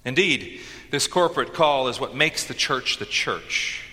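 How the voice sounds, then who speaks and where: Bright-voiced preacher in a reverberant church. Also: male voice, medium pitch, animated. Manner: dynamic preaching with dramatic pauses and shouted call-and-response lines. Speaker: pastor. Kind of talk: sermon. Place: church sanctuary. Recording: long reverb of a church sanctuary.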